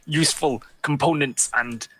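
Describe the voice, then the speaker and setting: A man playing a small shifty rat monster in a tattered robe, speaking in halting, broken phrases and repeating "yes, yes" in a tabletop game. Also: mid-range voice, fairly bright tone, a little hiss or hum, lightly acted, low-quality recording. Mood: furtive.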